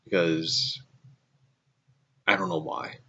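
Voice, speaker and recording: A man's voice: sits low, little pitch movement, takes it slowly, bright, forceful tone, slightly rough, lo-fi sound. A man hosting his own show, telling a rambling story in a casual way and correcting himself as he goes. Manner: rambling, self-correcting, frequent asides. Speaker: show host.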